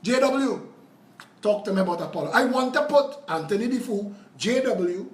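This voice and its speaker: A man's voice: sits high, expressive, normal speed, echoey room. A man with a Trinidadian accent hosting a live political show, ranting in a combative, profane and mocking way, telling stories to make his point.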